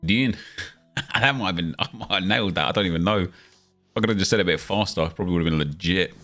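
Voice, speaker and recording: A man's voice: low voice, very fast, bright, forceful tone, soft background music. A young man chatting casually on a live stream, answering viewer questions as he plays a football game.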